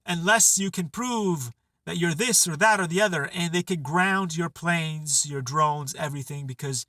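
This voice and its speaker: A man's voice: on the high side, normal speed, pushed and bright, no echo, distant mic, low-quality recording. A man hosting a channel, delivering a heated, sarcastic rant to camera and repeating his points for emphasis. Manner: heated, sarcastic, repetitive ranting. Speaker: channel host.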